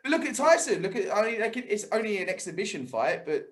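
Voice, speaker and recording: A man's voice: high voice, sing-song, a little fast. A man chatting casually as a podcast co-host, laughing often and swearing freely. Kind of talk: casual sports podcast chat.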